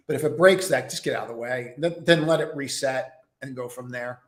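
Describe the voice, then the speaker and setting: A man's voice: mid-range voice, fairly quick. Chatty male trading streamer, roomy sound. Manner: conversational, chatty with many fillers, addresses viewers by name. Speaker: stock trading live-stream host. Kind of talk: casual live-stream market commentary.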